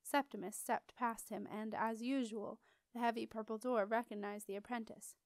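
A woman reading a children's storybook aloud with expressive, lively storytelling. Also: a little high, normal speed, no echo. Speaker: audiobook reader. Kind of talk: storybook narration.

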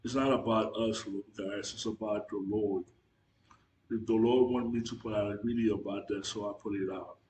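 A man giving an earnest, halting religious testimony to the camera, repeating himself and restarting his sentences. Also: fairly low pitch, steady tone, a little mellow, a little hiss or hum. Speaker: Christian video testifier. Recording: echoey room.

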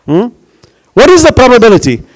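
Man, raised in New York, fairly high-pitched, impassioned religious lecture, rhetorical questions. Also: wildly swooping pitch, fairly quick, rough recording. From grew up in New York.

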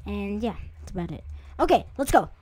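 Her mid-range voice swings widely in pitch, brisk and warm, recorded with no echo. This young gaming creator talks through a game for her viewers in a chatty let's-play, easily startled and prone to sudden squeals.

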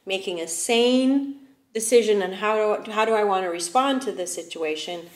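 A woman talking as a spiritual advisor guest, animated and laughing often as she explains. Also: mid-range voice, moderate pace, echoey room. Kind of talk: casual chat.

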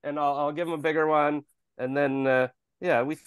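Man, Canadian accent, casual interview host, slightly high voice, dry close sound, video call, upbeat and jokey. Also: fairly even intonation, smooth, no echo. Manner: upbeat, joking, quick to riff.

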